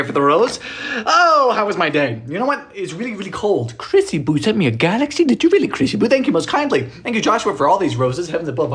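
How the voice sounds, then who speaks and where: A man live-streaming from his home kitchen, chatting away as he bakes. His voice is lively and swings widely in pitch. He reads viewer comments aloud and tosses in wry little jokes. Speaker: home baker livestreaming. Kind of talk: casual live-stream chat.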